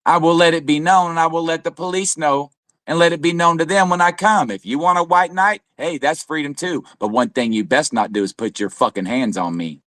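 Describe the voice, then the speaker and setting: A man's voice: on the high side, fairly quick, a bit bright, no echo, studio quality. A man co-hosting a livestream, delivering a heated, profane, accusatory tirade. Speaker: livestream co-host. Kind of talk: angry livestream rant.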